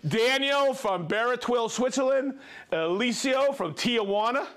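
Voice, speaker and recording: A man with a fairly high, bouncy voice reads through a long list of viewer shout-outs. His delivery is playful and jokey, with quick laughs between names. His pitch swings widely from phrase to phrase. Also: expressive. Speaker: host.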